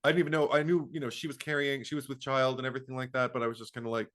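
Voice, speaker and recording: A man co-hosts a casual movie podcast, speaking at a middling pitch. He is animated and stumbles over his words, often acting out reactions and laughing mid-sentence. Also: very fast, hardly any pauses. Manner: animated, acts out quotes, stammers, laughs while talking. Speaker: podcast co-host. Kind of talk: casual film discussion.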